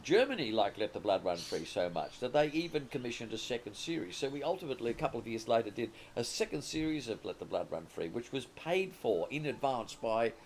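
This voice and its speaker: Australian man in his 60s, interview guest, meandering anecdotal storyteller, mid-pitched voice. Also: expressive, brisk, few pauses, a little mellow, slight background noise. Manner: rambling anecdotal storytelling with frequent restarts. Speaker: interview guest, comedy writer and producer. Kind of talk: conversational interview.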